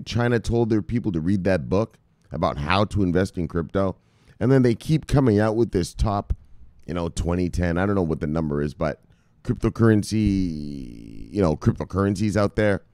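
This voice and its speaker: A man hosting a crypto news show in a loose, profane ramble, cracking jokes and calling his viewers brothers. His voice sits low but swings widely in pitch, heard close and dry. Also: a little mellow, no room sound. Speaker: crypto news video host. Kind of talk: casual profane commentary.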